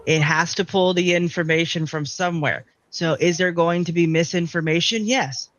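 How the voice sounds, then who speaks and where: A woman guest on a casual podcast, an AI marketing coach explaining with animated enthusiasm and repeated phrases. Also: lowish voice, moderate pace.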